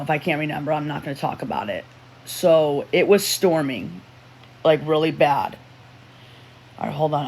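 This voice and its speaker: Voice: medium pitch, a little mellow, slight background noise. Rambling livestream storyteller, emotional retelling. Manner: rambling, with self-interruptions and restarts; emotional retelling, reading chat aloud. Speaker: livestream host.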